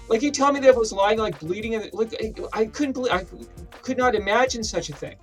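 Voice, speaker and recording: A Canadian man co-hosting a casual podcast, telling stories in an animated, indignant way. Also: high voice, soft background music. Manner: fast, animated storytelling, indignant complaints. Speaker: podcast co-host.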